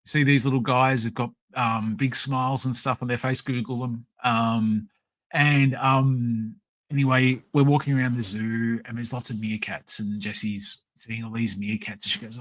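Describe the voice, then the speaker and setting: A man's voice: mid-range voice, normal speed, dry recording. Rambling Australian man, dry close sound. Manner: rambling, animated storytelling with many fillers. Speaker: podcast host. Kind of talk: casual live-stream chat.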